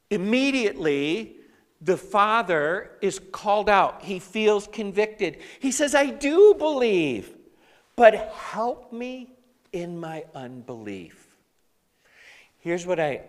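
A man preaching a sermon as pastor, animated and talking straight to his congregation. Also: medium pitch, long reverb tail.

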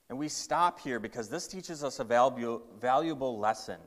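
A man's voice: mid-range voice, expressive, normal speed. A male pastor preaching a sermon with emphatic storytelling and a shifting pace. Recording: reverberant hall.

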